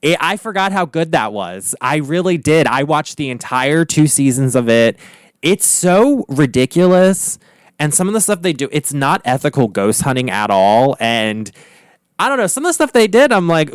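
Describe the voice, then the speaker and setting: Casting: chatty, gossipy man, cursing freely, smooth resonant voice, dry close sound. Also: mid-range voice, normal speed, no room sound. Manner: chatty and profane, gossipy, animated asides. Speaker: vlogger, artist. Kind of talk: casual chat. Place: home art studio.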